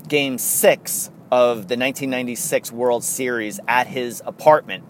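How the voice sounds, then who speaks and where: A man's voice: mid-range voice, normal speed, slight background noise. A man hosting a casual chat, telling stories in a rambling way and laughing often. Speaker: podcast host.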